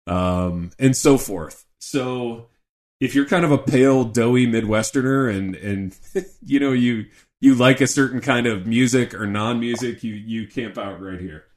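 Middle-aged man, podcast co-host, mid-pitched voice, joking and animated. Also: a little slow. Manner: animated, joking, says "dude" a lot. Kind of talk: casual podcast chat.

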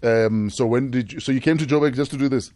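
A man hosting a breakfast radio show, measured, with easy interviewing and short listening sounds. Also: medium pitch, warm tone, no echo. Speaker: radio host. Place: radio studio.

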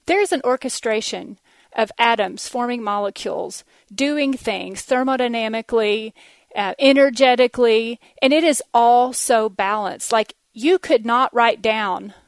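A woman's voice: a little high, unhurried, no room sound. A woman with a Texas accent hosting a casual podcast monologue, chatty and laughing often, with plenty of ums and uhs. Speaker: podcast host.

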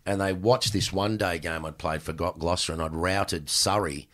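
An Australian man in his sixties, a former cricketer, telling animated stories in casual chat and swearing freely. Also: sits low, normal speed. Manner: animated, acts out exchanges in raised voice, swears freely. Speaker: podcast guest, former cricketer.

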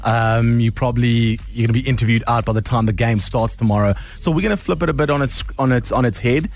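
A man's voice: mid-range voice, fast. Playful male radio co-host. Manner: playful, laughs often. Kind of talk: casual radio chat.

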